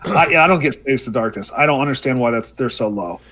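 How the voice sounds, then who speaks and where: A man in loose podcast banter as co-host. He jokes around and laughs easily, and his voice is of an ordinary middle pitch for a man. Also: animated, fast, a bit bright. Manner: joking, laughs often. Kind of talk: casual chat.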